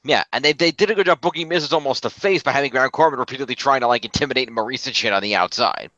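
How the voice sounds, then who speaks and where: A man's voice: medium pitch, very fast, sharp tone, no room sound, dull audio. A man co-hosting a casual podcast, recapping wrestling matches in order with a few fillers. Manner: recaps results, fillers and restarts. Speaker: podcast co-host.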